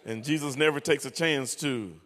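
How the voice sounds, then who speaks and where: A man preaching a sermon in an animated, humorous, sing-song way. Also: medium pitch, moderate pace. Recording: long hall reverb.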